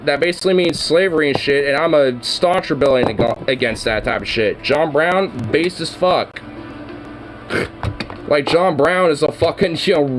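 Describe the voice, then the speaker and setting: A man's voice: on the high side, poor audio. A man streaming and chatting casually, swearing constantly and rambling heatedly with lots of fillers.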